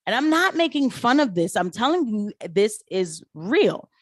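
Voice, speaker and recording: A woman talking straight to her viewers about her work as a nurse, in a casual, animated way. She tells her stories with quick put-on voices for the people she quotes. The sound is close and dry, with no room echo. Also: fairly high pitch. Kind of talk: casual commentary vlog.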